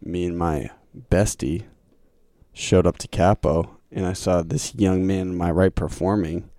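Male podcast host, deep and mellow, easygoing and chatty. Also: measured pace, no room sound, studio quality. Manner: relaxed, chatty, laughs easily. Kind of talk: casual podcast chat.

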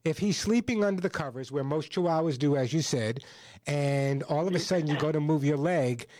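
A man's voice: fairly high pitch, a little fast, darkish tone, dry recording. A male radio host giving firm, repetitive advice to a caller on a call-in pet show. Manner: assertive, repeats points for emphasis.

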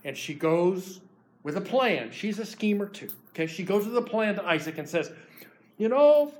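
A man preaching a sermon, retelling a Bible story in an animated, lively way. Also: sits high, normal speed.

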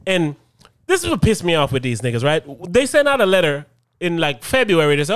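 Lively high-voiced man, casual co-host. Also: a little fast, clean tone. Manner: animated, profane storytelling with frequent laughter. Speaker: podcast co-host. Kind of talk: casual chat.

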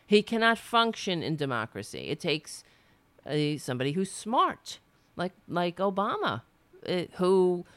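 A woman's voice: medium pitch, a bit bright, no echo. A woman from New York with a New York accent, hosting a political talk radio show, blunt and indignant, swearing freely and restarting her sentences.

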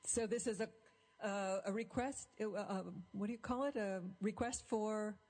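A woman hosts an interview with a warm, mellow tone and a husky edge to her voice. She keeps her questions short and answers her guest with brief agreement. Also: medium pitch, fairly even intonation, normal speed. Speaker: interview host.

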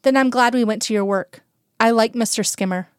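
A shy little girl, sleepy and frightened, with a soft, hushed voice that sits a touch higher than the reader's own, as a woman reading a story puts her on. The sound is smooth and clear, recorded dry and close, with no room around it. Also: a little fast, no room sound, lightly acted.

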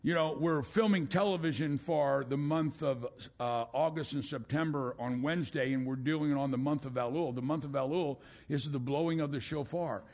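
An older man preaching a sermon as a pastor, swinging from loud exclamations down to a hushed voice. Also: a little high, moderate pace, hardly any pauses. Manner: rising to loud exclamations, then dropping to a hush.

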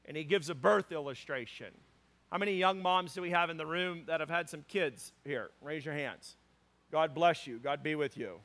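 A male pastor preaching a sermon to a congregation, telling funny personal stories in an animated way. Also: fairly high pitch, moderate pace. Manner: animated storytelling with humor. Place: church before a congregation.

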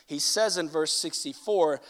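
A male pastor preaching a sermon with animated, humorous delivery. He swings between loud declarations and quiet asides and acts out voices in quoted speech. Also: a little high, unhurried.

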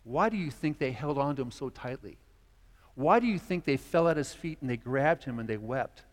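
A man's voice: mid-range voice, lively intonation, moderate pace. A man preaching a sermon as pastor, earnest, voicing quoted dialogue as he speaks. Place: church sanctuary. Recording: long church reverb.

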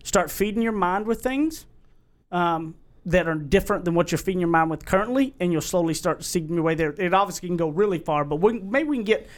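A man's voice: sits high, lively intonation, a little fast. A man hosting a podcast in casual chat, rambling and self-promoting. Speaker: podcast host.

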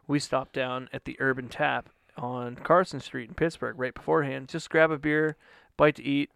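A man's voice: mid-range voice, steady tone, moderate pace, gravelly, a bit bright, clean tone, dry recording, clean studio sound. A young adult man chatting casually on a podcast, telling a rambling, profane story and often adding "you know what I mean".

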